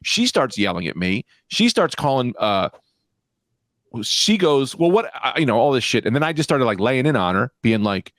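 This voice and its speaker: Brief: young male podcast co-host, lively swooping delivery, dry close mic, storyteller who plays every part. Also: medium pitch, normal speed, no echo. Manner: animated storyteller, acts out quoted people. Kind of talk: casual chat.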